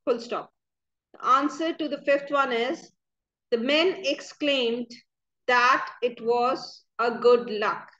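A woman teacher with a high voice reads grammar answers aloud at an unhurried pace, spelling out each comma and quotation mark. The recording sounds dull and lo-fi. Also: pushed and bright. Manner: slow, careful dictation of punctuation.

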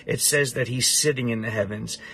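A man's voice: mid-range voice, brisk, fairly bright tone, breathy edge. A middle-aged man teaching a Bible passage to a student, emphatic and repeating his points.

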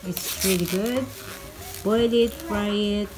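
A woman's voice: mid-range voice, steady tone, slow pace. A woman with a Filipino accent chatting casually in a vlog, naming things one by one. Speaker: vlogger. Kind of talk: casual grocery haul vlog. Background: background music.

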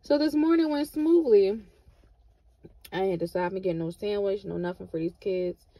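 A woman's voice: medium pitch, moderate pace, dry recording, dull audio. A middle-aged woman, giving repetitive, encouraging motivational vlog talk with Christian references. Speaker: vlogger.

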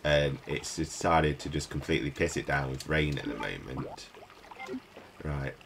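A man's voice: rumbling low, unhurried, gravelly, noisy background. A tired British man from the UK, rambling to himself in casual gameplay commentary as a let's play host. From United Kingdom. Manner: rambling, mutters to himself while playing. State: tired, up at night. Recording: game music playing behind.

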